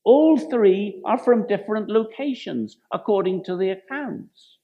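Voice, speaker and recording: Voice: medium pitch, lively intonation, unhurried. A preacher giving a reflective sermon, who stumbles, corrects themself and asks the listeners rhetorical questions. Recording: dull lo-fi recording.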